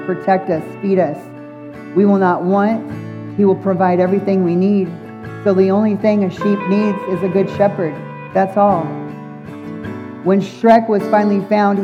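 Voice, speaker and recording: A middle-aged woman speaking at a church service, giving an earnest, heartfelt sermon and reciting scripture, with many pauses and fillers. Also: mid-range voice. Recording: muffled recording with faint band music.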